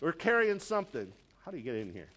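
A man with a notably high voice preaches a sermon in a church. He is animated, switching into quick acted-out voices and sudden squeals to make his points. His delivery swings between loud and hushed. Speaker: pastor.

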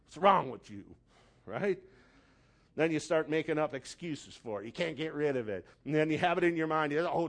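A man preaching a sermon with animated delivery, acting out voices with sudden high squeals. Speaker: pastor.

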